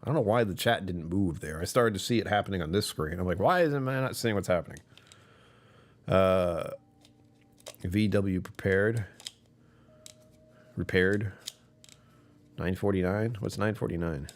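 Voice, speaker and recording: A live streamer hosts a casual stream on his channel, rambling, poking fun at himself, and chuckling often as he chats with viewers. His deep voice sometimes drops even lower. He speaks at a normal speed with long pauses, and there's slight background noise.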